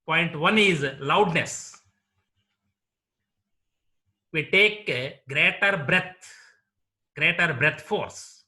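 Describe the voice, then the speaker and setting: Indian English lecturer, male, slightly high and bright voice, very slow and deliberate delivery. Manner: deliberate, repeats example words slowly. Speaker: college English teacher.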